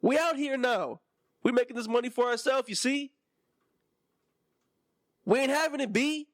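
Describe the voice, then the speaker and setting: A man's voice: very high voice, moderate pace, no room sound, clean studio sound, voice pushed up. A man putting on a brash New York settler. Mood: defiant. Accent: put-on New York. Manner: brash, slangy, defiant. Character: defiant colonial settler man talking like New York street guy.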